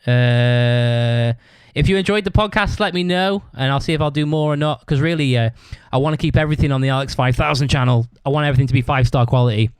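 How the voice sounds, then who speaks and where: Talking fast in a clean, mid-range voice with no room sound, a man spins a long tale on his own podcast. The storytelling monologue is casual, blunt, and packed with swearing, rambling along with frequent restarts.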